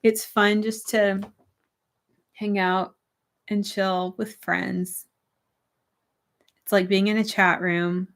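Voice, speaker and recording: Young woman host, chatty and relaxed, slight hoarseness, answers her viewers' comments. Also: medium pitch, slow pace, pauses often. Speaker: livestream host. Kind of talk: casual livestream chat. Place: her room with string lights.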